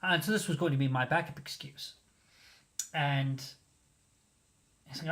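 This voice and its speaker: A host telling a story in a casual, animated way, mocking himself and acting out what people said. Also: mid-range voice, unhurried, long pauses. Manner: animated, self-mocking, acts out quoted lines.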